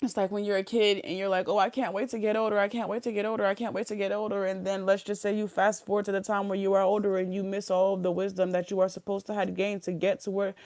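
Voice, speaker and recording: A woman's voice: mid-range voice, darkish tone, no room sound, studio quality. Chatty woman giving a tarot reading. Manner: rambling, giggly, full of fillers and restarts. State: talking around a sore wisdom tooth. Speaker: tarot reader. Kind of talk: casual spiritual reading monologue.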